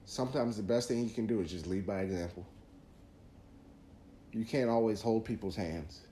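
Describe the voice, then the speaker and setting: A man's voice: fairly low pitch, moderate pace, dark tone, echoey room, slight background noise. A man hosting a podcast, talking earnestly through faith advice in a casual monologue, often restarting phrases. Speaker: podcast host.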